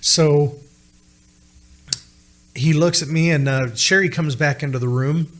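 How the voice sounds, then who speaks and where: A man's voice: a little high, unhurried, fairly bright tone. A man, a podcast guest, earnestly telling a personal faith testimony and retelling conversations line by line.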